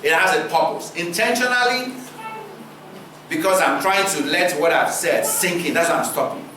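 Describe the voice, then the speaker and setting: A man preaching a sermon, asking his listeners rhetorical questions and using deliberate pauses for effect. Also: fairly high pitch, pushed and bright, a little hiss or hum. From Nigeria. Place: church hall. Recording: roomy hall recording, distant mic.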